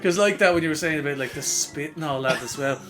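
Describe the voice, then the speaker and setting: A man's voice: a little high, fast talker, over loud music. Irish man telling crude stories. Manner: animated storytelling, crude, laughing, acts out voices. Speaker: podcast co-host. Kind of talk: casual chat.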